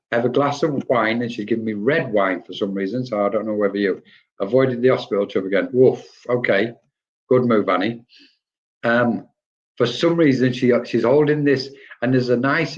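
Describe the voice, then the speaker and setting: A man's voice: medium pitch, lo-fi sound. A man working as a medium, giving live readings in a chatty, rambling way and greeting viewers by name. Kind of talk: live-streamed readings, casual chat.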